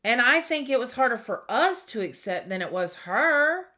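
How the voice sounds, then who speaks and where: A woman giving a tarot reading to camera, speaking in a heartfelt, reflective way with pauses and fillers. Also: fairly high pitch, big pitch swings, bright, forceful tone. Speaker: tarot reader.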